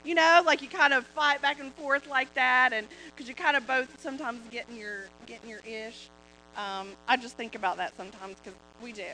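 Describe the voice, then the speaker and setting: A woman speaking at church in a chatty, relaxed way with many fillers, reflecting on scripture. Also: fairly high pitch, moderate pace, a little hiss or hum, low-quality recording. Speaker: co-pastor, preacher's wife. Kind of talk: casual sermon talk.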